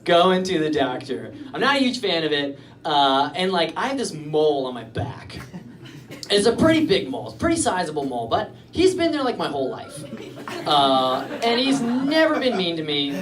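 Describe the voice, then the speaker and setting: A man's voice: a little high, big pitch swings, normal speed, fairly bright tone. A young man from England doing a rambling, self-deprecating stand-up comedy set on a club stage. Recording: distant live stand-up recording with audience laughter.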